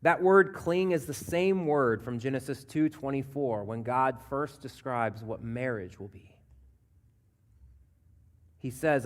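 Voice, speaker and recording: A man pastor preaching a sermon, earnest, dropping to a hush and then rising as he voices scripture. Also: a little high, measured pace. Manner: earnest preaching that drops to a hush and swells when voicing scripture. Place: church sanctuary.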